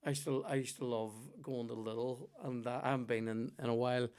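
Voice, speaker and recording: A man's voice: mid-range voice, little pitch movement, a little fast, a little mellow, clean tone. A young man with a Belfast accent, hosting a podcast and telling rambling, sweary stories in casual chat. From Northern Ireland. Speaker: podcast host.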